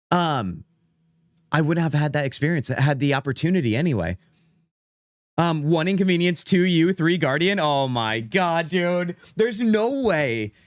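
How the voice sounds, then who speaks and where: A slightly high-voiced American man offers casual gameplay commentary, chatting and rambling as he reads menu options out loud. The audio is studio quality with no echo.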